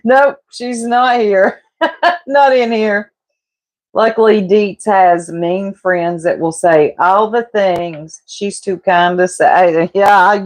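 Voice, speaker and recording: A woman, casually gossiping and laughing with her livestream chat while she cooks. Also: mid-range voice. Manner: gossipy, laughing, teasing, addresses chat as y'all. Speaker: livestreamer chatting with viewers.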